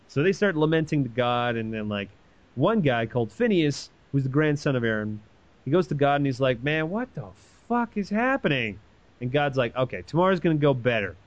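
A man's voice: medium pitch, dry recording, highs cut off. A man casually retelling a story in an irreverent, profane way, acting out the quoted voices. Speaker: podcast host retelling a story.

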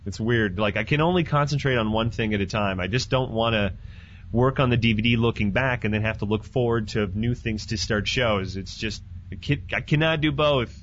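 A man hosting a podcast in casual chat, animated and profane, joking as he talks. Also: mid-range voice, a little hiss or hum. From Canada. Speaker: podcast host. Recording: dull lo-fi dry sound.

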